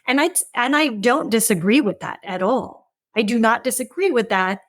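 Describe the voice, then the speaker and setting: A middle-aged woman, a podcast guest, speaking earnestly and candidly about loss, often repeating herself as she searches for words. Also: a little high. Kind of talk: candid conversation about grief.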